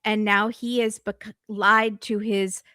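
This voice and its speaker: A woman guest trades wry, sarcastic remarks in a relaxed recap chat. Her voice sits at an ordinary pitch. It is recorded dry and close to the mic. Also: takes it slowly, clear, resonant tone, dry recording. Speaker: podcast guest co-host.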